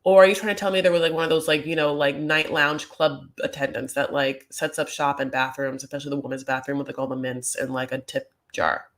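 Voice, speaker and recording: A woman's voice: low voice, flat delivery, fairly quick, few pauses. A woman hosting a reality TV recap, chatting casually in a gossipy, rambling way full of fillers. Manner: gossipy, rambling, lots of "like" and "you know".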